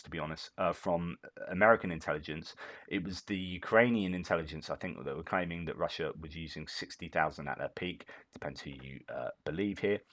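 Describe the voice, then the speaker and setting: A low-pitched man reads through news reports and keeps stopping to argue with them. His delivery is full of ums and restarts, and he drifts into ranting commentary. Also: a bit bright. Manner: ranting asides with frequent fillers and restarts. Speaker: war update commentator.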